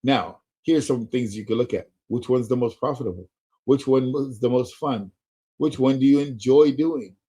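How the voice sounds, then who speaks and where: A middle-aged man leads a webinar sales training. His voice is husky and warm, and he hammers his points home by repeating them and checking that his audience is following. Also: mid-range voice, normal speed, poor audio. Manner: emphatic, repetitive, checks in with the listener.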